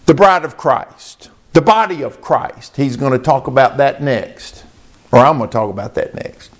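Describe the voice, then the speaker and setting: A man preaching a sermon as pastor, slow and emphatic, asking the congregation questions. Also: medium pitch.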